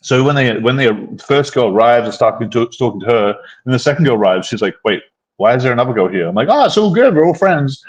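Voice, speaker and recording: A man's voice: medium pitch, fast talker, lo-fi sound. A man hosting a casual chat, rambling through his own experiences with many restarts. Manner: rambling, frequent restarts and fillers. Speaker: host.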